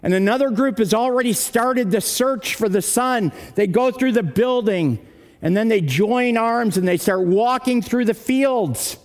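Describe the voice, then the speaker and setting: A man's voice: very high-pitched, measured pace. A man preaching as a pastor, telling a dramatic story and dropping his voice for the heavy moments. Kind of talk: sermon storytelling. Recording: long hall reverb.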